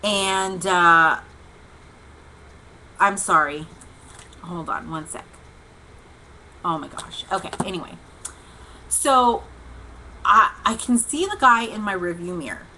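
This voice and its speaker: A woman hosting a livestream devotional, telling a long casual story in an animated, chatty way, with lots of "like" and "okay" and bursts of laughter. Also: fairly low pitch, takes it slowly, pauses often, slight background noise, poor audio. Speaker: host. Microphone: livestream webcam mic.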